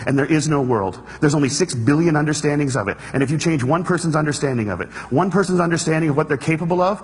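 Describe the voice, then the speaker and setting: A man's voice: a little high, breathy edge. A man giving an earnest, storytelling stage talk to an audience. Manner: storytelling, earnest, quick, plays the room for laughs. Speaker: speaker. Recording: hall reverb.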